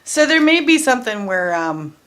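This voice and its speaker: A woman's voice: fairly high pitch, very animated, moderate pace, a bit bright. A woman doing a casual tarot card reading, chatty and blunt, who often repeats her phrases and swears freely. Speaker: tarot reader.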